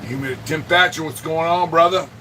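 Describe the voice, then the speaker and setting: A man's voice: a little high, fast talker, pushed and bright, far from the mic, a little hiss or hum, poor audio. A man hosting a casual livestream, rambling with lots of swearing and greeting viewers by name from his home art studio. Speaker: livestream host.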